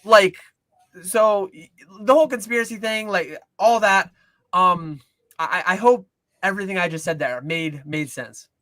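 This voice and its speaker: A man's voice: sits high, unhurried, sharp tone, no room sound. A man co-hosting a casual livestream, explaining at length with lots of restarts and filler words. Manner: rambling with frequent restarts and "like"; earnest explaining. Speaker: co-host of a card-collecting livestream.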